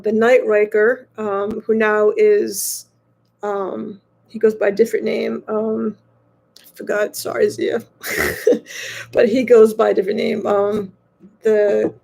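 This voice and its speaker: A woman in her fifties chatting casually to viewers from a hotel room, rambling and halting with many fillers and restarts. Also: a little high, gravelly, darkish tone. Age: 50s. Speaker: motorcycle vlogger.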